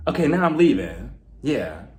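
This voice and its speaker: A man's voice: medium pitch, very animated, normal speed, a little mellow, pitched below the performer's own voice, lightly acted. A man voicing a frantic woman who rambles on, promoting her merchandise and repeatedly announcing that she's leaving. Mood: flustered.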